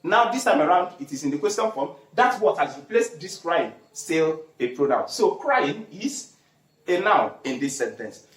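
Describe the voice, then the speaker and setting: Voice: mid-range voice, sing-song, moderate pace. An English teacher giving an online grammar lesson, repeating key words and posing questions, then answering them. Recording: roomy echo, faint music behind.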